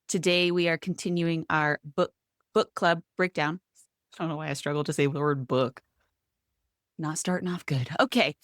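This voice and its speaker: A woman's voice: deep voice, steady tone, normal speed, no echo, studio quality. A woman co-hosting a podcast in a casual, chatty way, walking through tips step by step and poking fun at her own slips. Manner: chatty, self-deprecating, explains things step by step. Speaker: podcast co-host.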